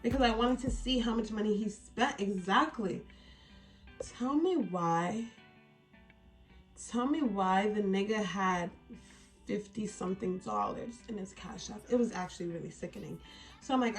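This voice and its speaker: A woman telling a story in a get-ready-with-me vlog, animated and exasperated, with frequent swearing. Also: medium pitch, normal speed, soft background music. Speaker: beauty vlogger.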